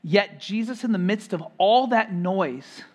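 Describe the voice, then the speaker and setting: High-voiced man preaching with swells. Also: expressive, unhurried. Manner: emphatic preaching, rising and louder on key phrases, then dropping soft; repeats and restarts words while building a point. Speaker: pastor. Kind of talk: sermon.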